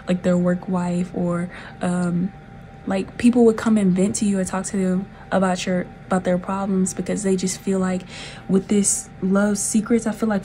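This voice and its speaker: A woman's voice: medium pitch, mellow, slight background noise, low-quality recording. A woman from the South, giving a chatty, laid-back tarot reading with frequent giggles. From Southern United States. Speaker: tarot reader.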